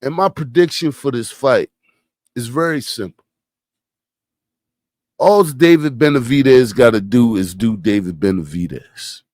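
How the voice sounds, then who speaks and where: A man hosts a casual boxing podcast at an unhurried pace, talking into a podcast mic. He leans on rhetorical questions and repeats phrases for emphasis. The sound is dry, with no room echo. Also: medium pitch, animated, darkish tone. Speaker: podcast host.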